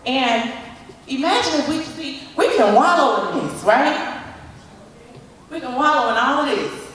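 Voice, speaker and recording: A high-pitched woman gives an animated motivational talk to a crowd, calling people up and driving her points home with repetition. Her voice is picked up from a distance in a large hall, with long, booming reverb around every word. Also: unhurried, slight background noise. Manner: animated, coaxing, repetitive calls. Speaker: motivational speaker. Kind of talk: motivational talk with audience volunteers. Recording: echoey hall from far off.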